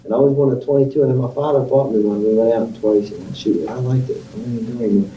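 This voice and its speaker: A man's voice: medium pitch, fairly even intonation, very fast, warm tone, far from the mic, a little hiss or hum. Man telling rambling stories, roomy echo. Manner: rambling, does voices and sound effects in his stories. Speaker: interviewee. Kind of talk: casual storytelling about his youth.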